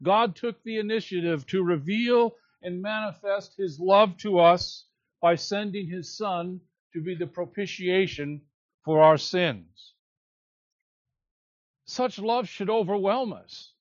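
A man preaching an expository sermon, slow and emphatic, drawing out key words. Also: high-pitched, dry recording. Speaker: pastor. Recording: slightly dull, lo-fi sound.

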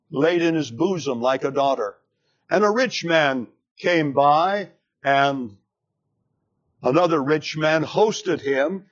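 Male preacher, slightly high voice, dramatic, deliberate storyteller, muffled lo-fi recording. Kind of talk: sermon retelling a scripture story. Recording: dull lo-fi recording.

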